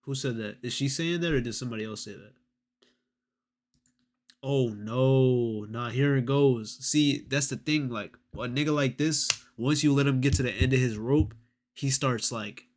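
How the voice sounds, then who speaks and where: A man's voice: mid-range voice, a little slow. A man hosting a live stream, reacting to messages in a slangy, profane, sarcastic way. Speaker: streamer host. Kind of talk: casual reaction commentary.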